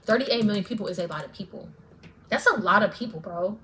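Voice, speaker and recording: A woman's voice: mid-range voice, animated, quick pace, bright, forceful tone, a little hiss or hum. A woman vlogger ranting straight to camera, fervent and profane, repeating lines for emphasis. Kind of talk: direct-to-camera rant.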